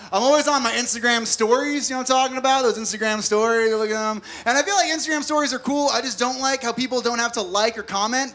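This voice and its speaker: A man's voice: very high voice, bright, forceful tone, slight background noise. A man in his thirties performing a stand-up comedy set, chatting and joking with a live audience in a venue. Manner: conversational, quick jokes told to a live crowd.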